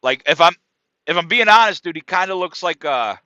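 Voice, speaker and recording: Hosting a comedy podcast, this man rants through a story in an animated, foul-mouthed way, constantly asking "right?" and saying "dude." His voice sits high and moves fairly quickly, and the sound is dry, dull and lo-fi.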